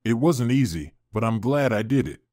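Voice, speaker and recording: A man reading a calm kind young caregiver. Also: mid-range voice, normal speed, dry recording, clean studio sound, natural voice. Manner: calm, melodious.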